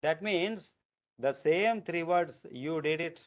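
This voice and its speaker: A man's voice: on the high side, takes it slowly. Man lecturing in Tamil Nadu English. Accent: Tamil Nadu Indian English. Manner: explanatory, restarts sentences, repeats phrases to show stress. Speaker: university lecturer. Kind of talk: recorded lecture.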